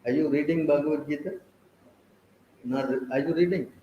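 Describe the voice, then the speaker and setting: A man's voice: fairly high pitch, normal speed, very echoey, distant mic, dull audio, slight background noise. A man giving a scripture class, firing questions at his listeners and teasing them when they don't answer. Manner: quizzes and teases listeners. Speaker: preacher.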